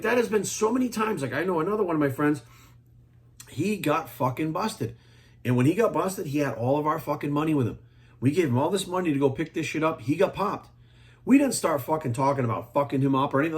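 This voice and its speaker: A man hosting, talking in a blunt, fired-up casual monologue full of cursing, repeating his points and tagging lines with "right?". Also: on the high side. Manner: emphatic, repeats phrases, lots of "right?" and "like". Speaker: host.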